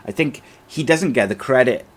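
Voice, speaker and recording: A man's voice: mid-range voice, expressive, moderate pace. A man hosting a podcast, chatting casually about football and reading out listener comments. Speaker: podcast host.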